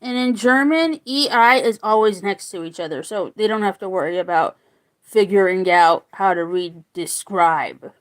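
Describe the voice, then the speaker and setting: A woman teaching a spoken phonics lesson, slowly sounding out words and repeating them. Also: mid-range voice.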